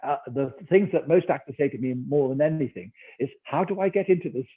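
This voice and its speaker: A man's voice: a little high, quick pace, breathy edge. An older man from Newcastle with a Geordie accent, an actor and audiobook narrator telling a story in an interview, acting out quotes and laughing often. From Newcastle, England. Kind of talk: remote interview conversation. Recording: tinny call audio.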